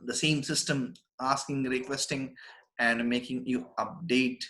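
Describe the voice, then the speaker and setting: A man's voice: medium pitch, fairly even intonation, measured pace, sharp tone, low-quality recording. A man with an Indian English accent, a teacher in a live online class, reads passages aloud, then explains them with frequent restarts. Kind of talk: live online lesson, reading and explaining a text.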